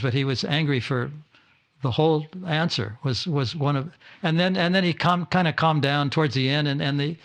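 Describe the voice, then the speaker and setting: An older man giving an informal talk to his disciples at a home gathering, often stumbling, repeating words and restarting sentences. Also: on the high side. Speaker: spiritual teacher.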